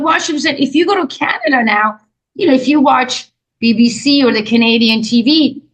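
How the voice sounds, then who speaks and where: A woman with a high voice talks politics on a casual chat show. She speaks emphatically and leans into her examples, often chiming in to agree. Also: rough recording. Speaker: co-host. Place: home, lives by the ocean in Florida.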